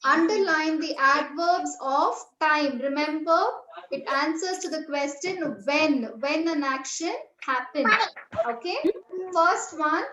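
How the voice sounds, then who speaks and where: A woman's voice: sits high, slow pace. A woman teaching young pupils in a classroom, repeating instructions and spelling words out letter by letter. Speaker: primary school teacher. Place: classroom with a board. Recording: echoey room with loud background noise and clicks.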